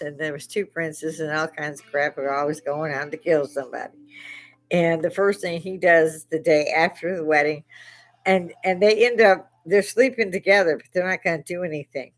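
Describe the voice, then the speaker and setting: Woman, middle-aged, livestream host, casual chat, low-ish voice, laughs often, acts out quotes.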